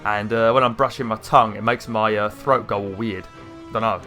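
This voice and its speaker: A man giving casual gameplay commentary, chatty and rambling, with an irritated throat that he keeps clearing. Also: on the low side, fairly even intonation, fairly quick, bright, forceful tone, faint music behind. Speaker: gaming YouTuber.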